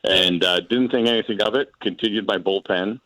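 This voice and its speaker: A former pitcher in his forties, a man telling a long story in a relaxed way on a sports radio show, with quoted back-and-forth dialogue. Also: a little fast, no room sound, rough recording. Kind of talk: casual sports radio chat.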